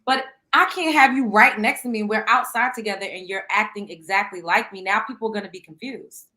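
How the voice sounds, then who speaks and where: Young female host, bright tone, lively and loose, swears freely, laughs a lot. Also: medium pitch, fairly quick, poor audio. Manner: animated, laughs often, swears casually. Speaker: podcast host. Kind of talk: casual chat.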